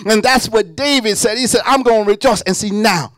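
A man preaching a sermon, animated, with sung lines and sudden drops to a hush. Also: high-pitched, fairly quick, no room sound, clean studio sound.

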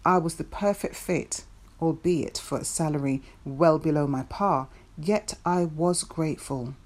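Woman with a deep voice reading her own life story, calm and thoughtful. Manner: reflective, measured storytelling. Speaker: narrator of her own memoir. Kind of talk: first-person memoir reading.

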